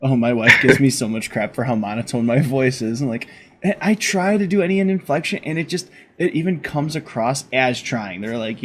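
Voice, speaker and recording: A man hosting a laid-back interview, enthusiastic and talkative, quick to laugh along with his guest. His voice sits in an ordinary middle range. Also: mid-range voice, expressive, background noise. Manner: enthusiastic and chatty, laughs often. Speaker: podcast host. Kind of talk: casual conversation.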